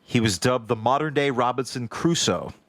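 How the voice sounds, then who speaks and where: A man's voice: mid-range voice, expressive, moderate pace, fairly bright tone, no room sound. A man co-hosting a podcast, reading his notes aloud as wry, casual storytelling. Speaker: podcast co-host.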